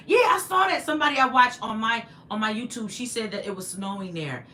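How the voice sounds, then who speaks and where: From inside her house, a woman hosts a casual livestream, talking briskly in a higher voice with hardly any pauses. She's chatty and animated, reading viewers' comments aloud and answering both them and her pet, with slight background noise.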